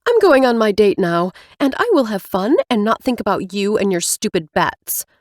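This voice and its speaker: A woman narrator voicing a quick-tempered, proud young woman in a brighter, higher tone. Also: big pitch swings, dry recording, clean studio sound, natural voice. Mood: indignant. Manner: higher, brighter reading with snappy retorts.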